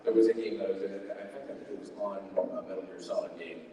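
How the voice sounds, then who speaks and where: A middle-aged man, a voice actor on a convention panel, telling lively stories and often breaking into laughter. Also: low-pitched, fast talker. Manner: animated, laughing storyteller. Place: large convention hall. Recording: echoey hall, distant mic, crowd noise.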